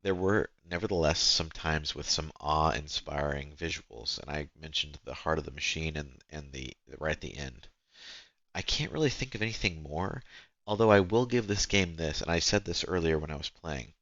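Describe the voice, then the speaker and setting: Very deep-voiced rambling gaming man. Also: dry recording. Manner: rambling, hesitant, many fillers and restarts. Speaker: gaming channel host. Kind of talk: casual let's play commentary. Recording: dull lo-fi sound with game music behind. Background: loud game music.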